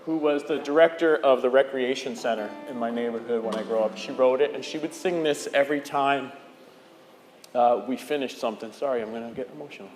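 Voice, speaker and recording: Speaking a little fast at medium pitch, the church's director of lifelong faith formation runs children's time in a large sanctuary, playfully quizzing the kids and leading a song they sing together. The hall echoes, and an organ plays in the background.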